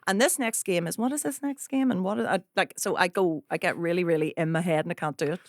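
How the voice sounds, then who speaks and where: Woman, comedy podcast host, animated giggly storytelling, lowish voice, dry close mic. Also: quick pace, no echo. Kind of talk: casual podcast chat.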